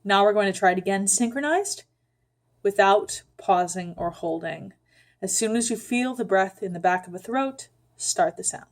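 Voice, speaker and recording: A woman giving a calm, unhurried voice lesson, guiding the listener step by step with frequent ums. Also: mid-range voice. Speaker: voice teacher. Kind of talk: vocal instruction with sung demonstrations.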